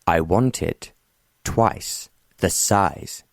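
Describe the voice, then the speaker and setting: A man's voice: on the low side, normal speed, a little mellow, no echo, clean studio sound, natural voice. A man doing a sneering domineering bully. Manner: harsh, sneering, emphatic.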